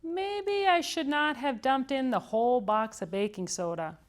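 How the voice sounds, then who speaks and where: A woman's voice: sits high, a little slow, pitched above the performer's own voice. A woman voicing Amelia Bedelia, an earnest, chatty housekeeper from a storybook. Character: cheerful literal-minded housekeeper woman.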